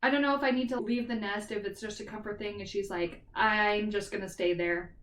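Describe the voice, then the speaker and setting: A podcast co-host retells a novel's plot in a casual book review chat, peppering her speech with "like" and "kind of thing." Her medium-pitched voice is steady, brisk and a bit bright, with slight background noise, captured far from the mic in an echoey room.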